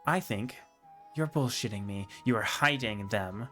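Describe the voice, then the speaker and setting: A man's voice: fairly low pitch, a little slow, bright, forceful tone, faint music behind. A man voicing a grumpy orc woman who leads a camp, speaking in a blunt, curt and unimpressed way. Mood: dismissive.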